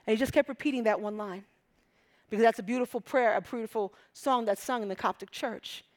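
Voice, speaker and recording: A woman's voice: a little high, fairly quick. Passionate woman preacher from Egypt. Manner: passionate, swinging between hushed whispers and loud emphatic peaks. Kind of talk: sermon.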